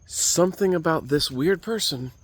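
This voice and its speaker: A man's voice: fairly high pitch, animated, moderate pace, slightly rough. A man who is a comedian telling a rambling, self-mocking story, with frequent digressions and profanity.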